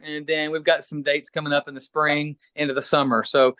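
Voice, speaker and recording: A man's voice: fairly high pitch, a little fast, no room sound. A middle-aged man from Kentucky, a musician guest chatting casually and a bit rambling in an interview. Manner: relaxed, rambling, friendly.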